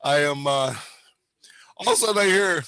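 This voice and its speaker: A man's voice: moderate pace, background noise. A man telling a wild story in casual chat, rambling and swearing, laughing and acting out voices along the way. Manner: animated, laughing, acts out voices with big pitch jumps. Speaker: storyteller recounting experiences.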